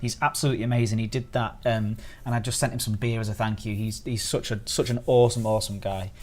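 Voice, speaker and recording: A man's voice: on the low side, level tone, fast, a little mellow. A man streaming live and reviewing biscuits in casual chat. He is giddy and laughs often between words.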